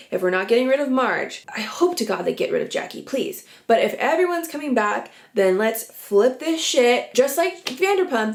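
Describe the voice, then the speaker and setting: Gravelly-voiced woman dishing gossip. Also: medium pitch, roomy sound. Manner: opinionated, gossipy, heavy use of "like". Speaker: reality TV recap host. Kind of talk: casual recap and reaction.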